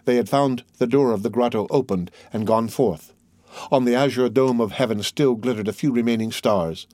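A man narrating a classic novel as an audiobook in a steady, formal reading manner. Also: mid-range voice, moderate pace, no room sound, studio quality.

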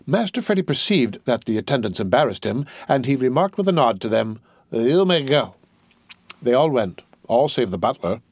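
Husky, lively male storyteller. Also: medium pitch, brisk, hardly any pauses, no room sound. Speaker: audiobook narrator. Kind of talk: scripted narration of a novel.

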